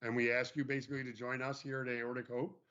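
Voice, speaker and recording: On an online show, a male co-host casually announces events in a level, fast, slightly bright voice, often using fillers and restarting sentences. The livestream chat is captured in muffled, low-fidelity audio.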